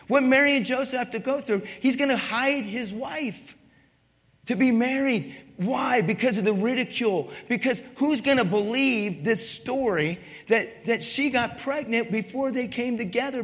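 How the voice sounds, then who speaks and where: In a large hall with long, ringing reverb, a high-voiced pastor preaches an animated sermon at normal speed. He keeps it conversational, acts out the voices of people in his story, and asks the crowd to agree.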